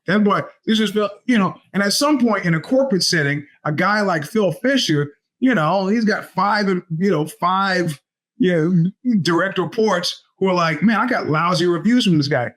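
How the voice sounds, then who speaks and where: Rambling middle-aged New man, slightly high. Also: a little slow, a bit bright. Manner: rambling storyteller with many restarts and fillers. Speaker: podcast host. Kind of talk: casual monologue.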